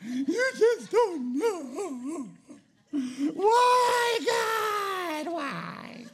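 A man's voice: big pitch swings, extremely slow, fairly bright tone, shouting, full character voice. A man voicing a whiny grown adult who wails and cries to God about his troubles. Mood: whiny, wailing. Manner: sobbing, high wailing cries. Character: whining adult complainer wailing at God.

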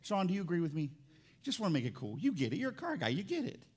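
A man preaching a sermon as pastor in a church, animated and jokey, swinging from loud excitement to quiet emphasis. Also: high-pitched, fast talker, breathy edge. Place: church sanctuary.

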